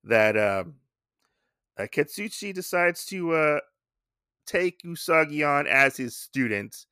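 A man's voice: on the high side, expressive, slow, bright, forceful tone, smooth, no echo, studio quality. A man hosting a podcast, casually recapping a comic book in a rambling way with lots of fillers and restarts. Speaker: podcast host.

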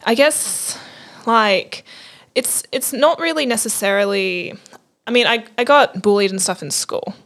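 A woman's voice: on the high side, a little slow, a bit bright. A young woman, a podcast host telling a story over casual talk, full of fillers like "like". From Australia. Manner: chatty storyteller, lots of fillers like 'like' and 'I'm just like'. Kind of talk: casual conversation.

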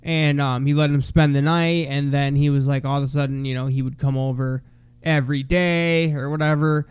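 Man with a smooth, resonant voice. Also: a little high, flat delivery, normal speed, no room sound. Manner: loose, profane storytelling, drawling "bro" and "dude". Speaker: podcast co-host. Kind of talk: casual chat.

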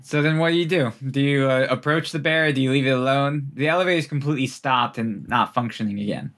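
A man's voice: mid-range voice, fast talker, a bit bright. Casual male game master. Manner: loose and chatty, many fillers, laughs often. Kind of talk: narrating a tabletop game.

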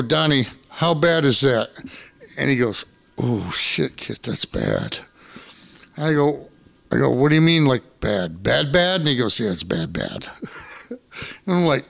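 A man's voice: mid-range voice, vocal fry, fairly bright tone. A man telling a wild story in casual, profane podcast chat.

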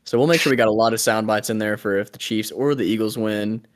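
A man's voice: lowish voice, steady tone, fast talker, slight background noise. A young man co-hosting a podcast, chatting casually in a rambling, jokey way and often trailing off and restarting. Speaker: podcast co-host. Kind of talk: casual chat.

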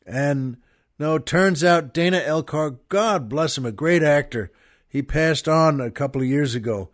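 Enthusiastic male podcast host retelling a film. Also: fairly high pitch. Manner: enthusiastic, rambling retelling with restarts, addresses listeners as folks. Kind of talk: casual storytelling monologue.

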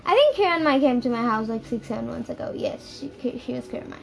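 High-voiced young woman rambling a story. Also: lively intonation, fast, vocal fry, darkish tone. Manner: rambling, repeats herself, lots of "like" and "bro". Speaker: vlogger telling a story. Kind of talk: casual storytime.

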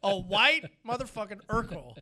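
A man's voice: high voice, animated, moderate pace, pushed and bright. A man from Oklahoma co-hosting a podcast, teasing and laughing in casual banter. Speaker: podcast co-host.

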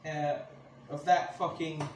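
Man ranting on a podcast, high voice, angry and swearing, echoey room, noticeable background noise. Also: flat delivery, slow pace. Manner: angry, swears a lot, many restarts. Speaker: podcast host. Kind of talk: casual ranting monologue.

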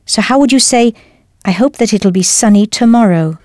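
A woman teaching a language lesson in a clear, careful scripted delivery, spelling out words as she goes. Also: fairly high pitch, lively intonation, normal speed, a little mellow, no room sound, studio quality.

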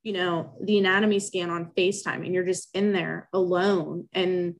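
A woman's voice: lowish voice, moderate pace. Young woman telling a story with feeling. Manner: animated, acts out remembered exchanges. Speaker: guest sharing a personal story. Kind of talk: casual conversational storytelling.

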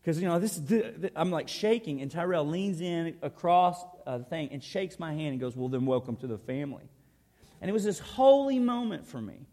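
A man's voice: high-pitched, expressive, a little fast, few pauses, warm tone. A man, preaching a conversational, earnest sermon built on personal stories. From Arkansas. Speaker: pastor. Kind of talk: storytelling sermon.

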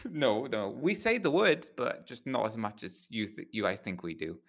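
A man's voice: medium pitch, sing-song, measured pace, fairly bright tone. British guy cohosting, giggly and jokey, easygoing chat. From United Kingdom. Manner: giggly, joking. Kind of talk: casual podcast chat.

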